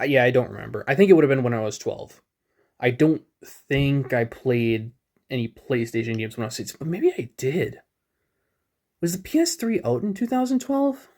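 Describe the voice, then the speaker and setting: A man's voice: mid-range voice, darkish tone. A man in his twenties talking through his old gaming videos in a loose, rambling, self-mocking way, chuckling at himself. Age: 20s. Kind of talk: casual gaming commentary.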